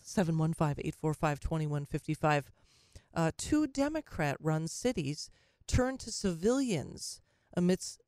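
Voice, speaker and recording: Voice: medium pitch, a little mellow, dry recording, clean studio sound. A talk radio host delivering an opinionated monologue, sarcastic and often stumbling and restarting mid-sentence.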